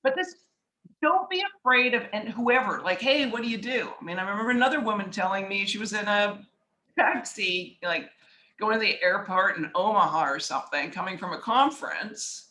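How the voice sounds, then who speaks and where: Woman, investor guest, casual storytelling, lots of fillers, bright tone, echoey room. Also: mid-range voice, expressive, normal speed. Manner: chatty, acts out dialogue in anecdotes; frequent filler words.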